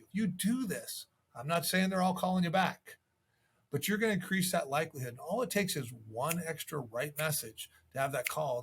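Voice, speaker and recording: A man's voice: on the high side, breathy edge. A man coaching real estate agents in a casual, conversational way, acting out sample voicemails. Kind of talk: casual video tips to camera.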